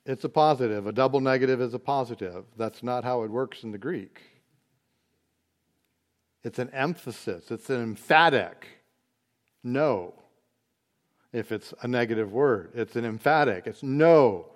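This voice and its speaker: A man teaching a Bible study, explaining word meanings slowly and deliberately, with occasional fillers. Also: medium pitch.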